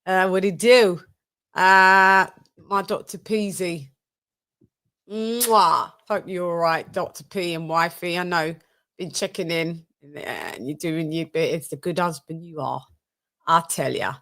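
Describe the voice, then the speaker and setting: Lady on a live stream, slow laid-back talk, laughs a lot. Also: on the low side, fairly bright tone. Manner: chatty, laughs often, reads chat aloud. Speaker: host. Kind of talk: casual live-stream chat.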